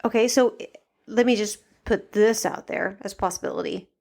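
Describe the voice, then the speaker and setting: A young adult woman in a casual podcast chat, with a voice of middling pitch. She sounds blunt and incredulous, swearing freely as she pushes back on her co-host. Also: fairly even intonation, fairly quick, a little mellow.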